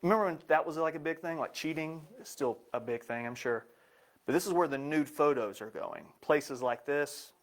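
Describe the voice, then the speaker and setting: A man's voice: a little high, normal speed. A man giving a live presentation in an upbeat, joking way.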